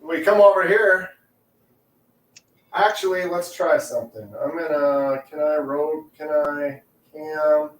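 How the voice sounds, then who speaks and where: Slow-talking man in an echoey garage. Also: fairly high pitch, sing-song. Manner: rambling, chuckling, thinks aloud. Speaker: livestream co-host. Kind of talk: casual chat. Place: garage, indoors. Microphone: phone.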